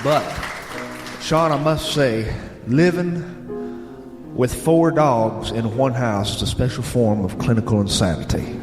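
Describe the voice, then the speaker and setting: A man with a Southern American accent, a radio host reading listener letters aloud in an unhurried storytelling way. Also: medium pitch, crowd noise. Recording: roomy sound with long reverb and bluegrass music behind.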